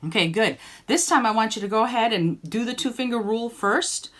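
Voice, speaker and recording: A woman's voice: a little high, fairly quick, fairly bright tone. A woman singing teacher coaching students by name in an online group lesson, encouraging them and demonstrating sung vowels.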